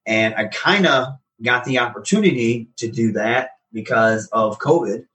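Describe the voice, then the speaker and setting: A man's voice: medium pitch, a little slow, recorded from a distance, a little hiss or hum, low-quality recording. A man, a professional wrestler, casually telling stories in an interview and animatedly acting out the conversations he recounts. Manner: animated, acts out quoted exchanges.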